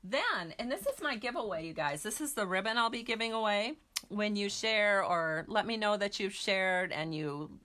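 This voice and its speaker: A woman leads a friendly stamping tutorial, chatting to her audience as she works through each step. Her voice is bright and forward, and she talks in an easy, conversational way. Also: medium pitch. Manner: chatty, talks to viewers while working. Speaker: stamping craft demonstrator. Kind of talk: casual craft tutorial.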